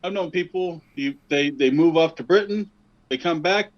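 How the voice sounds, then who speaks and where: A man co-hosting a casual pop-culture review chat, relaxed and trailing into repetitions. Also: a little high, normal speed, dry recording. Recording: dull, dry lo-fi sound.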